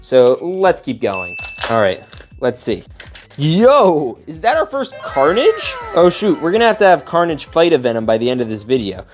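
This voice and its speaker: A young man hosting a casual toy unboxing, talking in an excitable, slangy way as he reacts while building. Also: fairly high pitch, moderate pace, faint music behind.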